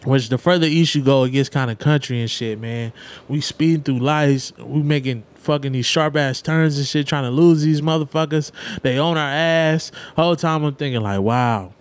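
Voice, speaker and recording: Animated profane man telling a story. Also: moderate pace. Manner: animated, profane, acts out friends' voices in high pitch. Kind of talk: casual storytelling.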